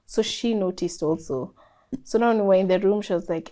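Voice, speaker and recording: A young woman, a guest in an interview, telling a personal story in a lively way and acting out what people said. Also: mid-range voice, normal speed. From Kenya. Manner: animated storyteller, acts out quoted dialogue.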